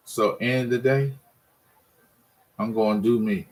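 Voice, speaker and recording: Casting: man, mid pitch, fed-up fan ranting, rambling with restarts. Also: steady tone, unhurried, low-quality recording. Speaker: sports fan vlogger. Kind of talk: casual ranting monologue.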